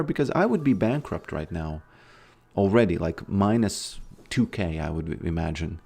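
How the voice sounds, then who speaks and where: Low-voiced laid-back male streamer. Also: expressive, moderate pace, creaky, darkish tone, breathy edge, soft background music. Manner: laid-back, answering chat, trailing off mid-sentence. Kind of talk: casual livestream chat while gaming.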